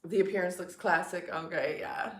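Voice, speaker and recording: A woman's voice: lowish voice, normal speed, fairly bright tone, reverberant. A woman in her forties with a New York accent, chatting frankly with viewers on her livestream. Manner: chatty, frank, blunt, swears casually. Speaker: livestream host. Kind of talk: casual chat with viewers.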